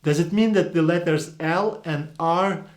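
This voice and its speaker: A man's voice: on the high side, a little slow. A man whose first language is Slavic, teaching a video lesson and explaining things patiently. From Eastern Europe. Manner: explanatory, demonstrates accents. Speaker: Greek teacher.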